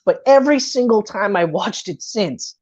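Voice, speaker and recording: A woman's voice: medium pitch, expressive, normal speed, darkish tone, lo-fi sound. A woman co-hosting a casual movie review podcast, laughing often and swearing freely as she retells scenes. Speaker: podcast co-host.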